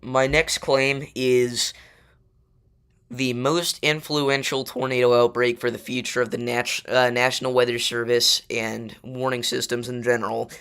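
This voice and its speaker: A young man hosts a casual livestream, talking loosely with his chat and arguing his weather takes with plenty of fillers. His medium-pitched voice is smooth and a bit bright, with flat, unhurried delivery.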